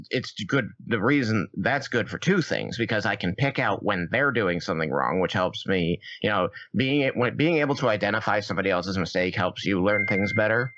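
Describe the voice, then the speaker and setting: A man co-hosting a gaming podcast in casual chat, acting out his own reactions with lively shifts. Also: on the low side, no echo, lo-fi sound. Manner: animated, acts out his own past reactions. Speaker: podcast co-host.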